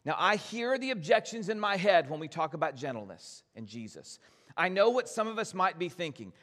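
A man preaching a sermon as pastor, gentle and earnest, addressing his congregation directly. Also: high voice, sing-song, brisk, long reverb tail.

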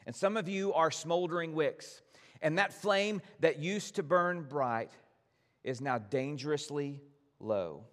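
A man preaching a sermon as pastor, gentle and earnest, addressing his congregation directly. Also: fairly high pitch, slow, long reverb tail.

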